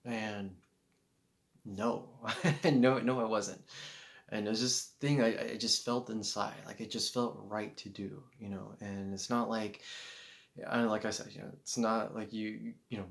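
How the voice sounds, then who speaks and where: A man's voice: fairly low pitch, steady tone, measured pace, gravelly. A man telling a personal story to camera in a rambling, casual way, full of fillers and restarts. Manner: acts out quoted voices. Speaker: vlogger.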